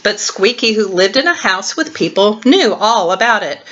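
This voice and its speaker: An older woman at home reading a children's storybook aloud to her grandchild, warm and expressive, recorded on a webcam. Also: mid-range voice, normal speed, muffled recording, noisy background.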